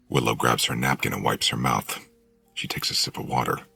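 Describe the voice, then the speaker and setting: A male audiobook narrator reads a first-person novel at an even, measured pace. His voice is extremely deep, with a gravelly, husky texture. The recording is dry and close to the microphone. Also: dry recording.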